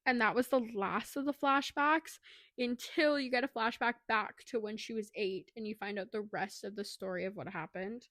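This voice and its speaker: A woman's voice: fairly high pitch, normal speed, a bit bright, dry recording, studio quality. A young woman co-hosting a podcast, casually retelling a book's plot with lots of fillers. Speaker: podcast co-host. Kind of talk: casual book review chat.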